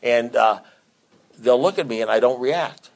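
A man's voice: mid-range voice, unhurried, gravelly. A middle-aged man who counsels divorcing couples and sponsors others in recovery, speaking off the cuff in a blunt, streetwise way, often restarting and repeating himself. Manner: rambling, repeats and restarts, animated at times. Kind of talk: unscripted talk.

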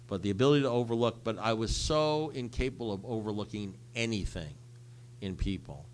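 A man's voice: medium pitch, expressive, fairly quick, slight background noise. An older man telling a personal recovery story to a group, speaking bluntly and conversationally and repeating phrases for emphasis.

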